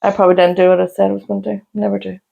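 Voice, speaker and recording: A woman, co-hosting a casual chat podcast and often breaking into loud, high laughter. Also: level tone, rapid-fire, creaky, dull audio. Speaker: podcast co-host.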